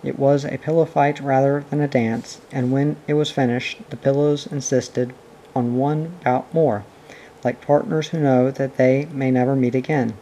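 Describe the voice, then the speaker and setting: A man reading a classic children's novel aloud in a steady, expressive storytelling manner. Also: medium pitch, moderate pace, a little hiss or hum, low-quality recording. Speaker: reader. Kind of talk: audiobook reading.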